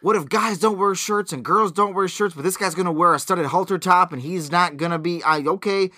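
A man's voice: high voice, brisk, pushed and bright, no room sound, clean studio sound. A man co-hosting a podcast, reviewing a movie in casual banter with a crude, sarcastic, blunt manner. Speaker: podcast co-host.

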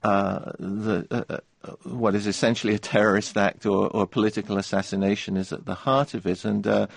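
Man, novelist guest, gravelly low voice, hesitant, dry close sound. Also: fairly even intonation, fairly quick, no echo. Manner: hesitant, many restarts and fillers. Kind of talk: radio interview.

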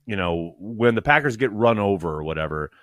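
A man co-hosting a podcast in casual sports chat, animated and swearing, with quick restarts. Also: lowish voice, dry recording, clean studio sound. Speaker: podcast co-host.

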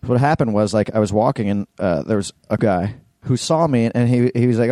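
Laid-back man with a dark voice. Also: medium pitch, brisk, no echo, studio quality. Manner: loose, rambling, swears freely. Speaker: podcast co-host. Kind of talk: casual chat.

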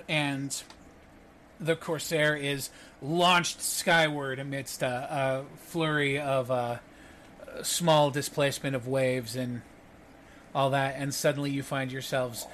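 A man runs a tabletop game, narrating scenes in a slightly raised voice. He fills his sentences with pauses and fillers as he thinks. A faint room hum sits under the voice. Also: fairly high pitch. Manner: relaxed narration with frequent fillers. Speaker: game master.

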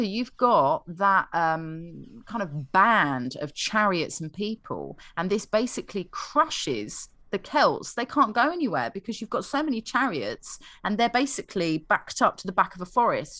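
A woman's voice: mid-range voice, sing-song, moderate pace, fairly bright tone, no echo. A young woman on a casual history chat, telling the story in a chatty way with fillers and a readiness to laugh at herself.

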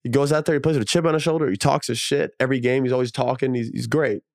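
Man, ex-basketball player, podcast co-host, casual sports chat, animated, emphatic, slangy. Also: medium pitch, racing, vocal fry, no echo, studio quality.

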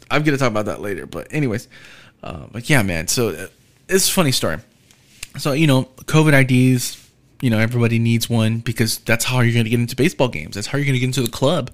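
A young man talks casually on his own podcast, swearing freely and drifting through a rambling story. His voice sits at an ordinary middle pitch, and he fills pauses with ums and quick asides. He slips in and out of quoted voices as he goes. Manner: loose, profane storytelling with many ums and asides. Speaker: podcast host. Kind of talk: casual solo podcast monologue.

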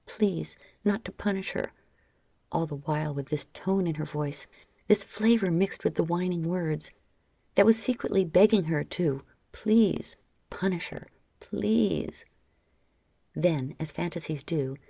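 A woman reading an erotic story aloud as audiobook narration, often sinking into a soft whisper. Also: deep voice, vocal fry, breathy edge, dry recording. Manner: soft, frequently dropping into whispers.

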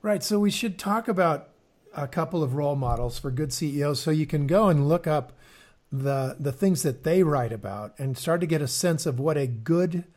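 A man's voice: on the high side, animated, normal speed, darkish tone. A man co-hosting an investing podcast in casual chat, often repeating words and using fillers as he explains. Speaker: podcast co-host.

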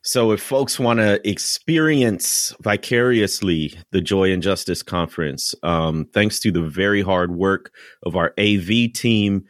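A man with a very deep, low voice, co-hosting a podcast in a calm, plain manner. His voice is recorded dry and close, with no room sound around it. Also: measured pace, hardly any pauses, no room sound. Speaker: podcast co-host. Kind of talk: casual podcast talk.

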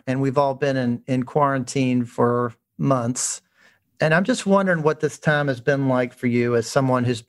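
A man's voice: mid-range voice, smooth. A man interviewing a guest, asking friendly, enthusiastic questions. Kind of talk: casual interview.

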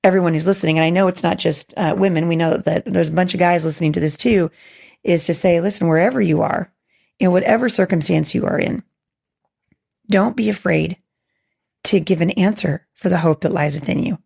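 A woman hosting a faith podcast, hoarse with a gravelly voice, earnest and encouraging with many restarts. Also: on the low side, brisk, a little mellow. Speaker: podcast host.

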